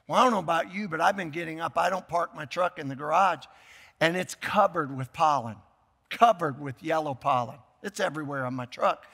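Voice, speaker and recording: A man's voice: on the high side, fairly quick, big-room sound. Older male pastor preaching with emphatic bursts. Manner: emphatic, repeats key phrases, bursts into shouts. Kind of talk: sermon. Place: church sanctuary.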